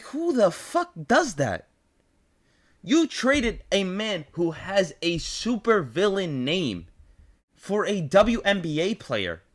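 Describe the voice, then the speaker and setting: A young man with a New York accent rants to his audience, swearing and repeating himself in disbelief. His voice sits fairly high for a man and swings widely in pitch as he works himself up. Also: fairly bright tone. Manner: incredulous, swearing, repetitive rant. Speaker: host. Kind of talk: profane ranting commentary.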